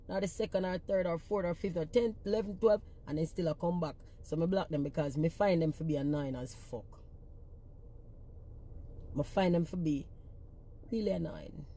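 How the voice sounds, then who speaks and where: A singer-songwriter with a thick Jamaican Patois accent rants bluntly and profanely in a casual social media talk. Her voice is lowish and warm.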